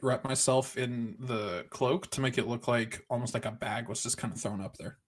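A man's voice: mid-range voice, steady tone, normal speed. A man playing a tabletop game, speaking briefly and casually, sometimes hesitating mid-sentence. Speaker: player.

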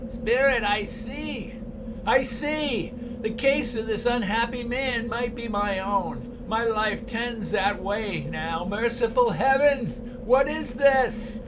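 A man reading a storybook aloud and voicing Ebenezer Scrooge as a frightened old miser begging a ghost, in a high, strained, pleading voice. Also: slow pace, background noise. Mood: horrified. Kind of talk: dramatic audiobook reading.

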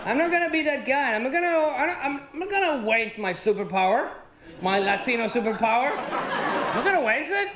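A man's voice: extremely high pitch, big pitch swings, fairly quick. A man with a Venezuelan accent doing stand-up comedy on stage, telling stories animatedly and acting out the dialogue. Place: theater stage before live audience. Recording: roomy live venue with audience noise.

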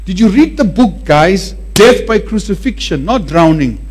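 A male preacher with a high voice that swings widely from phrase to phrase. He delivers a sermon emphatically and repeats words for effect. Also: sing-song, unhurried.

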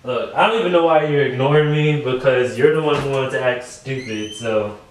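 A man's voice: medium pitch, normal speed. A man vlogging at home, nagging and exasperated, repeating himself over and over. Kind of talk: casual prank video talk. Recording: echoey room, mic far off, faint noise.

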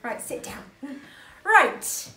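A young woman reading a picture book aloud to children at home, playful and expressive, voicing the characters. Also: a little high, extremely slow. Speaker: children's story reader. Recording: roomy echo.

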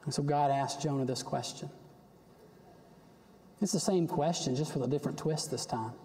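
A man preaching a sermon in a church, animated, acting out the prophet's complaints with a rising voice. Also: on the high side, moderate pace, pauses often. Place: church sanctuary. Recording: long reverb of a church hall.

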